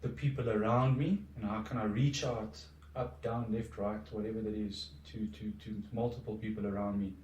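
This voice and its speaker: A man's voice: lowish voice, level tone, moderate pace, few pauses, a little mellow, a little hiss or hum. A middle-aged man, a podcast guest talking in a reflective, earnest way with frequent restarts. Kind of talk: casual conversation. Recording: echoey room, distant from mic.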